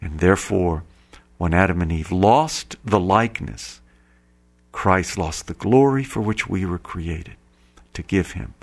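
A preacher gives a sermon-style talk, reading passages aloud and earnestly explaining them as spiritual commentary. His voice sits low, with vocal fry, and he speaks a little slowly.

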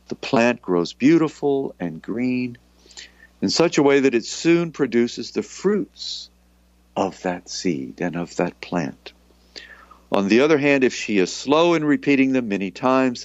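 A man in a gentle, reflective tone reads a devotional passage and breaks off to explain it in plain words, often adding "you know". His voice sits at a middle pitch. The recording is dry, with a dull, lo-fi sound. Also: dry recording. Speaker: spiritual teacher. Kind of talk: reading a devotional text aloud with commentary.

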